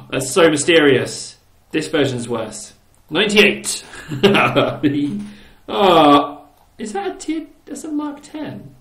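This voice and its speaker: A man giving casual game commentary with a bouncy, wide-ranging voice that leaps up and down as he chuckles at his own creations. He speaks slowly and unhurried, teasing and exclaiming playfully. The sound bounces around a roomy, echoey space. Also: on the high side, fairly bright tone. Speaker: gaming channel host. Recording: roomy echo.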